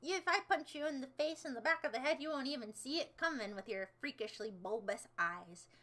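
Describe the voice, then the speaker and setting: A young woman with a high, bright voice chats to her livestream viewers. She rambles from one thing to the next in a playful, theatrical way and throws in sudden dramatic outbursts. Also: a little fast. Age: young adult. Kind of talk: casual livestream chat.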